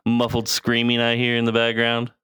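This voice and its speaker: A man's voice: medium pitch, monotone, moderate pace, fairly bright tone, smooth, no echo, clean studio sound. A man co-hosting a casual podcast, asking many questions and laughing often, on a new cheap mic. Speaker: podcast co-host. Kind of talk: casual chat.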